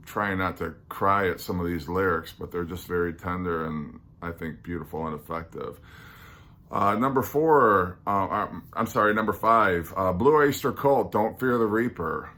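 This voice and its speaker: A man's voice: deep voice, fairly bright tone. A man hosting his own podcast, talking through a countdown list in a musing, hesitant, earnest way full of ums and restarts. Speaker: podcast host. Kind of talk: casual solo podcast countdown.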